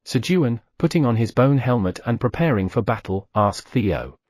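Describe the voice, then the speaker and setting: A man reading an audiobook novel in steady, scripted narration. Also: medium pitch, normal speed, dry recording, studio quality. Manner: steady storytelling read.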